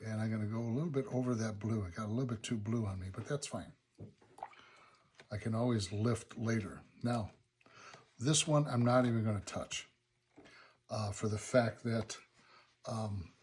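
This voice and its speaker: A man teaching watercolor, talking calmly through each brushstroke of a painting demonstration and thinking aloud as he works. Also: lowish voice, normal speed, pauses often, a little hiss or hum. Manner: relaxed, thinking aloud step by step. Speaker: watercolor instructor. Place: painting studio.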